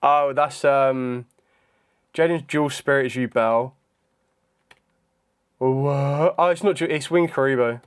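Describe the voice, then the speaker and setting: A young man chatting casually on a live stream, thinking out loud in a hesitant way with frequent ums. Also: mid-range voice, takes it slowly, pauses often, smooth. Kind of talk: casual live-stream chat during a trivia quiz.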